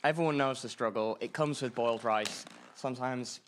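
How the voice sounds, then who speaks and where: A man's voice: mid-range voice, moderate pace, fairly bright tone, a little hiss or hum. A young man hosting a student radio show in a studio, chatting and joking casually while calling out directions to the crew. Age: young adult. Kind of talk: casual livestream chat.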